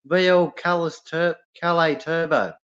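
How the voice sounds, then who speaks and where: A man with an Australian accent hosting a casual live stream, reading chat comments aloud and talking in a halting way with lots of fillers and restarts. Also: on the high side, a bit bright, clean tone. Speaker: livestream host reading chat. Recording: lo-fi dull sound.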